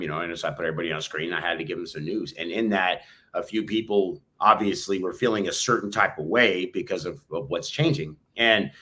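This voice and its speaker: A podcast co-host with a low, bright, forceful voice delivers motivational talk emphatically and preachily, repeating phrases like a pep talk.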